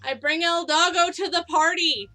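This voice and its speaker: A young woman co-hosting a casual video-call hangout, telling animated stories with frequent laughs. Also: extremely high pitch, normal speed, soft background music. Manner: animated storyteller, laughs often. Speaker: co-host.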